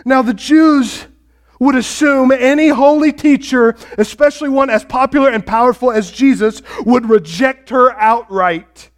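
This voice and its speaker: A man's voice: very high-pitched, measured pace. A male pastor preaching a sermon and retelling a story with drama, speaking directly to the congregation.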